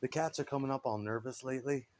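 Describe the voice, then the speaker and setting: A man's voice: medium pitch, quick pace, a little mellow. A man in his forties delivering a rambling, crude comic monologue, laughing often and stumbling over repeated words.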